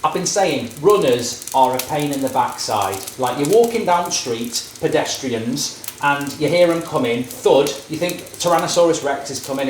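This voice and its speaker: A man's voice: a little high, reverberant, a little hiss or hum. A man in his thirties cooking and chatting casually, rambling through jokey, opinionated rants, recorded in a home kitchen with frying sizzling behind. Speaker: vlogger cooking on camera. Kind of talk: casual chat while cooking.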